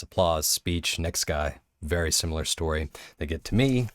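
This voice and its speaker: A man teaching public speaking through a personal story, earnest and candid, often halting and restarting mid-sentence. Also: low-pitched, a bit bright, no echo, clean studio sound.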